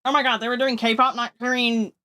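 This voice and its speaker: A woman mimicking an outraged middle-aged mother who complains in a shrill, whiny voice. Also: flat delivery, fairly quick, pushed and bright.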